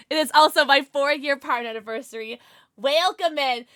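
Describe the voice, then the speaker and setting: A woman streaming a game live, chatting with her viewers in a bubbly, excitable way, sometimes mumbling, sometimes shouting. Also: sits high, moderate pace, dry recording, clean studio sound. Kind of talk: live gaming stream chat.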